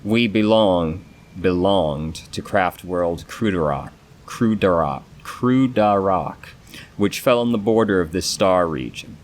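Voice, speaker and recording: Brief: man voicing a solemn female elf in a game let's play, measured and low-pitched. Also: slight background noise. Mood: sorrowful. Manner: solemn, measured reading with stumbles on names. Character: grave, sorrowful female elf of an ancient dying race. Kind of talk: reading game dialogue aloud.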